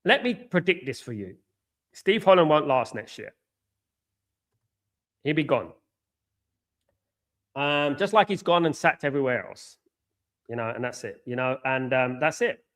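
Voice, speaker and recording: A man's voice: mid-range voice, expressive, measured pace, pauses often, fairly bright tone. An English man hosting a live football watchalong, reading out viewer comments and giving blunt, opinionated takes, often repeating himself. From England.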